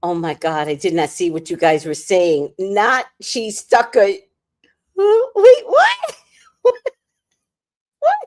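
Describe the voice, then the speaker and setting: A woman's voice: fairly low pitch, a little slow, hardly any pauses. A woman hosting a casual late-night livestream, talking profanely, laughing often and reading viewer comments aloud. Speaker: livestream host.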